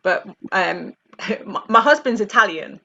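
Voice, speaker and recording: A British woman co-hosts a podcast, telling family stories in easy chat and acting out what people said. Her voice is bright and forceful, and the recording sounds a bit dull and lo-fi. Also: mid-range voice, measured pace, creaky, a little hiss or hum. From Britain. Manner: storytelling, animated quoted voices. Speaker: podcast co-host. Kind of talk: casual chat.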